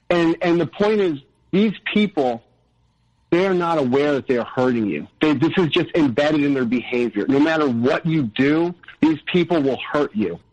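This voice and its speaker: A man on a podcast recounts his own story in an earnest, halting way, stumbling and restarting his sentences. His voice sits a touch high for a man. The audio is dull and lo-fi. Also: a little mellow. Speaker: podcast guest. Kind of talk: personal story in a podcast conversation.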